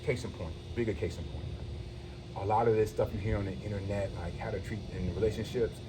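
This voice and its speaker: A man's voice: on the low side, steady tone, fast. Man talking earnestly over noisy hiss. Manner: earnest, reassuring, loose and profane. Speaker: host. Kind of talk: casual one-on-one conversation.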